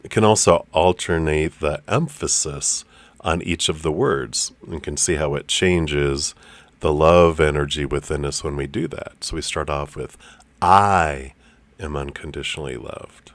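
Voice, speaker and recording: Low male meditation guide, gentle and unhurried, dry recording. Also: dry recording. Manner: loose, with fillers. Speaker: spiritual teacher.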